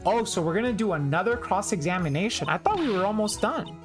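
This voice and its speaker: A woman's voice: medium pitch, animated, quick pace, soft background music. A young woman streaming a game, chatting casually and self-deprecatingly with her viewers. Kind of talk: casual chat while playing.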